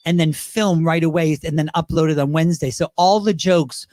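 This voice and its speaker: This is a man whose voice runs on the high side and moves briskly, recorded dry with clean studio sound. A drag performer and impersonator, he spins lively, chatty stories in a relaxed interview and keeps dropping into different voices.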